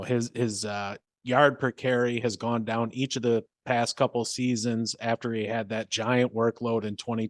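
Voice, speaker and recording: A man co-hosting a casual sports podcast, giving steady, even analysis. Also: lowish voice, dry recording. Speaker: podcast co-host.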